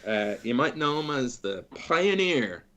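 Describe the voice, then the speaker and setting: A man's voice: mid-range voice, big pitch swings, unhurried, a bit bright. A man narrating a tabletop game as game master in a playful, rambling way.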